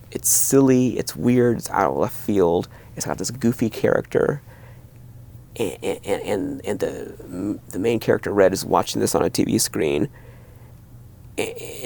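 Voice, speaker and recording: A middle-aged man hosting a horror video, talking casually to camera in a rambling, animated way with lots of restarts. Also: on the low side, gravelly.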